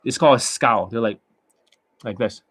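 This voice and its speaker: A man's voice: medium pitch, normal speed, fairly bright tone. A man who is a dating coach, talking in a rambling, boastful and profane monologue.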